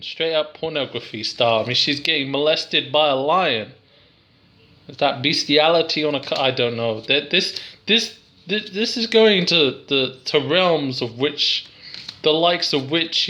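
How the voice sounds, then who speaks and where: Bright-voiced rambling English guy. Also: fairly high pitch, measured pace. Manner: rambling, giggly, self-deprecating. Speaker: tarot card reviewer. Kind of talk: casual review vlog.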